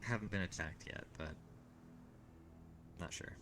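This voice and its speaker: Mild man with a deep, bright voice. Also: measured pace, a little hiss or hum. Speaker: roleplayer. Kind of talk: in-character roleplay.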